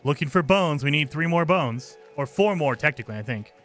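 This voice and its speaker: Male gaming streamer, slightly high, bright voice; chatty play-by-play commentary. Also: expressive, a little fast, faint music behind. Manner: chatty, explains as he plays, grumbles at game tools. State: out of breath at times while running. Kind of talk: casual gameplay commentary.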